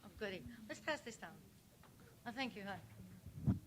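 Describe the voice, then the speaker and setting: A woman's voice: medium pitch, lively intonation, a little slow, noisy background. A woman facilitating a recovery workshop, cheerfully thanking each speaker and passing the mic. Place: meeting room at a workshop.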